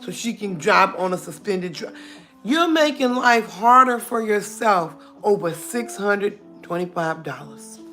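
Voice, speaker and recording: A middle-aged woman with a drawl chats live to her viewers, blunt and talkative, calling out names and breaking into laughter. Her voice sits at an ordinary middle pitch, with soft music playing faintly behind her. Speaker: livestream host. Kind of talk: casual livestream chat.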